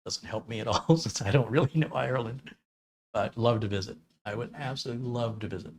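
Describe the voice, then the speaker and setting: A man's voice: mid-range voice, brisk, slight background noise. A man hosting a casual tech livestream, chatting with viewers and reading out their comments in a rambling, think-aloud way.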